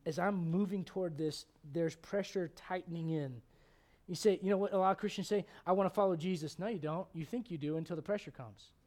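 A man preaching a sermon as pastor, swinging from hushed passages to loud, near-shouting ones and firing off rapid rhetorical questions. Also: sits high.

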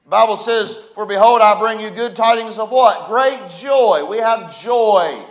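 High-voiced man preaching. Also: measured pace, rough recording. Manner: preaching with rising emphasis and call-and-response. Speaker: pastor. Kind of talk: sermon. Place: church sanctuary.

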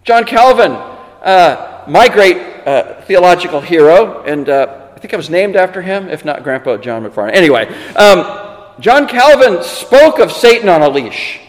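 A man preaching a sermon in an animated, emphatic way, with conversational asides to the congregation. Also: high-pitched, a little slow. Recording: long hall reverb.

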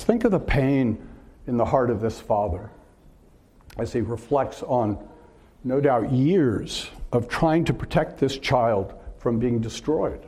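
Man, preacher, sermon, earnest, rhetorical, frequent uhs, mid pitch. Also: a little slow, mellow.

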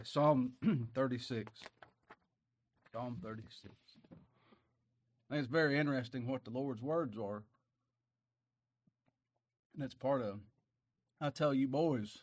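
A man with a mid-range voice preaches a sermon in a folksy, emotional style, dropping to a hush and then building up loud.

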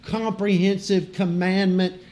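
A preacher with a high male voice. He talks to his congregation like friends, leans hard on his key words, and chuckles now and then between his points. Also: level tone, measured pace, darkish tone. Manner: conversational, emphatic, laughs between points. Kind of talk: sermon.

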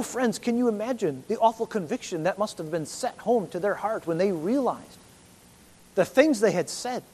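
A man preaching a sermon to a congregation, earnest and rising to loud, emphatic peaks. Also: sits high. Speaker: pastor.

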